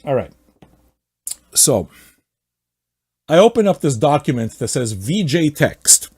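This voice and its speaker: A man's voice: on the high side, very animated, takes it slowly, breathy edge, dry recording. Profane ranting male podcast host. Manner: swearing often, mocking, swings between loud outbursts and muttering. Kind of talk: casual profane rant.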